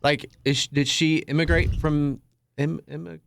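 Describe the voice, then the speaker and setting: A man hosting a podcast interview, upbeat and quick to laugh, recorded on a close studio mic. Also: a little high, little pitch movement, creaky, fairly bright tone, no room sound. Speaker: podcast host. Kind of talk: casual interview.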